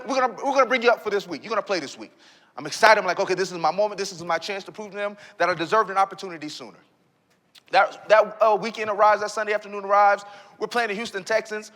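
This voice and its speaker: A man giving a motivational keynote, telling a personal story that swings between loud excitement and hushed reflection. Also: high voice. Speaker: keynote speaker. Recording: reverberant hall recording.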